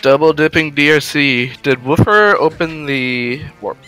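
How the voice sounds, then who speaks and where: Bright-voiced joking male co-commentator. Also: on the high side, unhurried, soft background music, rough recording. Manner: reactive, joking, sarcastic asides. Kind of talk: live speedrun commentary.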